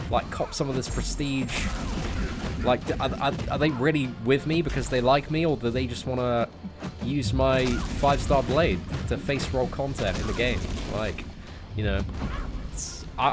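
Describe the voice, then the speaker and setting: A young British man in his twenties, livestreaming a game and bantering casually with his chat in a laid-back, jokey way. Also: medium pitch. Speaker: gaming livestreamer. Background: music playing.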